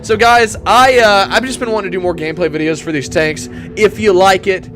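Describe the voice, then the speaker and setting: Excitable gamer man in a gruff voice. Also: sits high, a little fast, music in the background. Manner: excitable, bursts into whoops and laughter; talks in a put-on gruff tanker voice. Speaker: gaming YouTuber. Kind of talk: live gameplay commentary.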